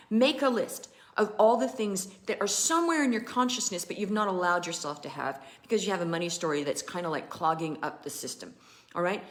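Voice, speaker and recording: A woman's voice: lowish voice, a little fast. Chatty woman coaching on a live stream. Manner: animated, chatty, emphatic. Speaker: business coach.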